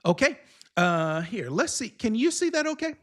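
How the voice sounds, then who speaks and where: A man with a high-pitched voice teaches a live online exam-prep class. He talks with lively energy and keeps checking in with the viewers. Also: normal speed.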